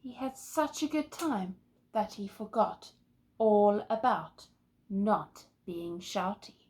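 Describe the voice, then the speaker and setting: Expressive woman reading a children's story. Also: medium pitch, takes it slowly, slight background noise. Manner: expressive, asks the listeners questions. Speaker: teacher reading aloud. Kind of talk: children's story read-aloud.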